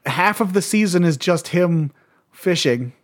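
High-voiced man, enthusiastic gaming chat. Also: lively intonation, unhurried. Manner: profane, enthusiastic, acts out game dialogue. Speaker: podcast co-host. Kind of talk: casual chat.

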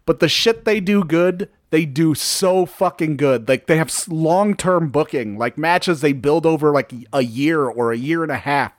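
A man's voice: fairly high pitch, moderate pace, hardly any pauses, no echo, clean studio sound. A man in casual chat, retelling a story with lots of swearing and acting out the quotes. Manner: profane, animated storytelling, acts out quotes.

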